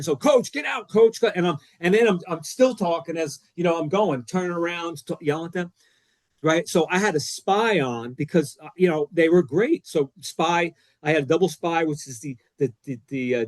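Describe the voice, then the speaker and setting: A man co-hosting a podcast, telling a story in an excitable, emphatic, self-deprecating way. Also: a little high, no room sound. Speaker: co-host, former defensive coordinator. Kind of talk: animated storytelling; casual podcast chat.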